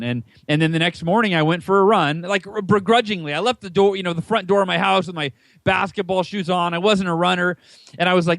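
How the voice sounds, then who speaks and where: This fast-talking American man in his thirties is a podcast guest sharing his story in a casual interview, full of animation and jumping to a higher pitch whenever he quotes others. His voice sits high for a man and comes across dry, close, and echo-free.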